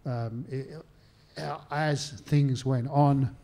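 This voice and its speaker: An Australian man with a mellow, darker voice, telling anecdotes about his research in a relaxed conversational way. He slips into little acted-out phone calls and pokes gentle fun at himself. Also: medium pitch, drawn-out words. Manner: anecdotal, self-deprecating, acts out phone calls. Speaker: historian and author. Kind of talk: conversational interview answers. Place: stage talk at a literary venue.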